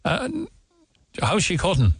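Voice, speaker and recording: A man with a Cork Irish accent hosting a radio chat, talking in a halting way. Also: on the high side, very animated, husky, no room sound. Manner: halting, many fillers and restarts. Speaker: radio host. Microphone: studio mic.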